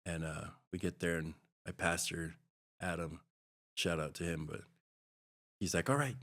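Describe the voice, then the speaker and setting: Deep-voiced middle-aged man from Hawaii, earnest and rambling, recounting his past as a podcast guest. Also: level tone, unhurried, a bit bright. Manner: earnest, rambling, heavy with fillers. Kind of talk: personal storytelling interview.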